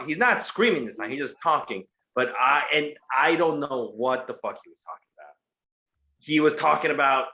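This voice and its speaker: A man chatting casually on a podcast, shrugging things off with a laid-back, profane manner. His voice is bright and lively, a bit high, and it rings in an echoey room. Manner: laid-back, dismissive, swearing. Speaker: podcast co-host. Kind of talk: casual chat.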